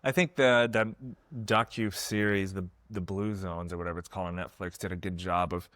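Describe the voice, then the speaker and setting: Eager lower-voiced male podcast host. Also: steady tone, brisk, fairly bright tone, no room sound. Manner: enthusiastic, listing points in a rush. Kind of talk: casual podcast conversation.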